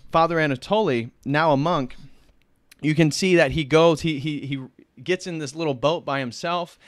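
A man's voice: on the high side, dry recording, clean studio sound. A man hosting a casual livestream film review, earnestly retelling the plot in detail. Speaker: film reviewer, channel host.

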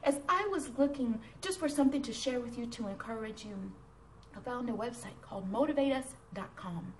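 Woman, high voice, earnest encouraging sermon, fervent reading, computer mic. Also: fairly quick, a little hiss or hum. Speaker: Christian speaker. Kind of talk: devotional sermon to camera. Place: at home before a computer. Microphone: computer webcam.

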